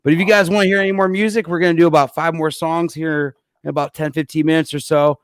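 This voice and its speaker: A man's voice: fairly high pitch, steady tone, fast, clean tone, no echo. Easygoing guy wrapping up his live stream show, says dude a lot, dry close sound. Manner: easygoing, rambling, calls people man and dude. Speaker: podcast host. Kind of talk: casual live-show chat. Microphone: computer setup for a live stream.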